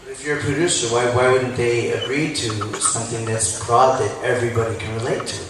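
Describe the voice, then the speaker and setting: Rambling man from the audience, mid-pitched, far off in an echoey room. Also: fairly even intonation, a little fast, background noise. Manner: chatty, storytelling, quotes others. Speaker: audience member asking a question. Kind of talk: rambling personal question. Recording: echoey hall, recorded from far off.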